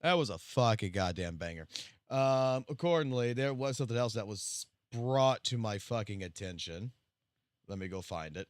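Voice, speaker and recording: A man's voice: fairly low pitch, expressive, normal speed, no echo, clean studio sound. A man casually commenting on a livestream, cursing freely and rambling with stammered restarts.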